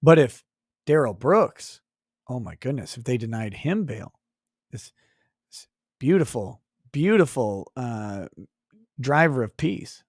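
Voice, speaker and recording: A man's voice: medium pitch, lively intonation, takes it slowly, long pauses, breathy edge, dry recording, studio quality. A man hosting a live stream, reading chat aloud and going on profane mock rants. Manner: profane, mock-ranting at chatters. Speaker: livestream host.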